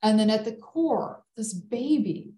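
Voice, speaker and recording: A woman talking as a guest on a podcast, telling stories in an animated, blunt and casual way. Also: fairly high pitch, unhurried. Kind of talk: conversational podcast interview. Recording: echoey room.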